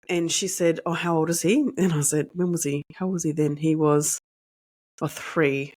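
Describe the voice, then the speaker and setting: A woman, hosting a podcast and telling a personal story in an animated, indignant way, acting out the dialogue. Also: sits low, moderate pace. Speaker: podcast host.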